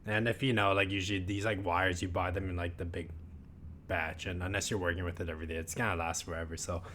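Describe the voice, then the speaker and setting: A man in his thirties with a slightly low voice, co-hosting a relaxed podcast. He drifts from point to point and leans on "like" as a constant filler. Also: fast talker, a little hiss or hum. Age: 30s. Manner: rambling, heavy use of filler "like". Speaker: podcast co-host. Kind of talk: casual chat.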